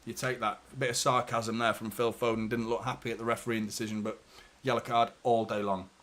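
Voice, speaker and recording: A young man hosting a live football watchalong, swearing often and swinging between anxious muttering and shouted celebration. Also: mid-range voice, little pitch movement, fast. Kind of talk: live match reaction commentary.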